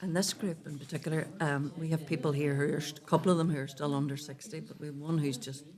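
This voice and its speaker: Low-voiced woman. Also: fairly even intonation, quick pace, a little mellow. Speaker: group member. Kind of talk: casual interview. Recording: background chatter of a group.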